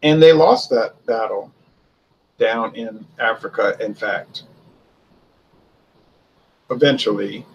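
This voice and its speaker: This history video host speaks slowly with long pauses in a fairly low, breathy-edged voice, and the highs are cut off. His commentary is casual and conversational, full of rhetorical questions he answers himself.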